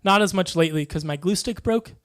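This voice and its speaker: A man doing stand-up comedy, delivering deadpan one-liners in a dry, soft-spoken way. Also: high-pitched, quick pace, clean tone.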